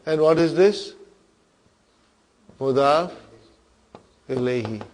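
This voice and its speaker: A man's voice: fairly high pitch, animated, takes it slowly, darkish tone. A man teaching an Arabic grammar class, patiently explaining terms and often checking that his students follow.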